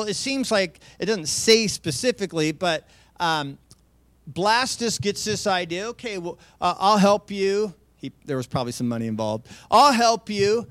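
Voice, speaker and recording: A man gives a sermon on a Bible passage in a loose, conversational way, full of fillers, restarts and wry asides. His voice sits a little high for a man. The recording is dry and close, with no room sound. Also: fairly bright tone, no room sound.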